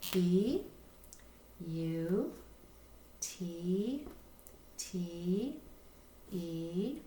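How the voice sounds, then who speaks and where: Woman, reading teacher, slow and patient, spells letter by letter, roomy echo, faint hiss. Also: mid-range voice, darkish tone. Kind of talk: recorded phonics lesson. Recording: echoey room with faint noise.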